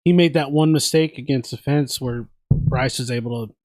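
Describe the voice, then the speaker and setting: A man co-hosting a fight watch party podcast, an animated storyteller who acts out the quotes in casual chat. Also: mid-range voice, moderate pace, no room sound. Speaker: podcast co-host.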